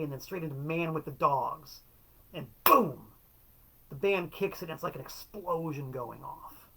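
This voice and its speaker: A man's voice: on the high side, pushed and bright. A middle-aged man hosting a casual solo show, telling stories in an enthusiastic, wry way with playful quotes. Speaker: show host and record collector.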